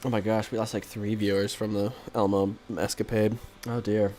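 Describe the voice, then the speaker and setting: A man's voice: fairly low pitch, little pitch movement, normal speed, mellow, soft background music. A man streaming a strategy game, chatting with viewers in a rambling, self-deprecating way with lots of hesitations into a desk microphone. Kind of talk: casual live-stream chat with viewers.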